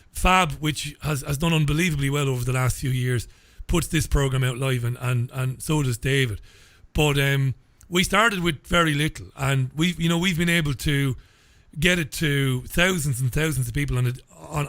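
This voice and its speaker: A man's voice: a little high, a bit bright, dry recording. A man with an Irish accent hosting a live radio interview, talking effusively and often repeating words as he starts sentences. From England. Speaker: radio show host.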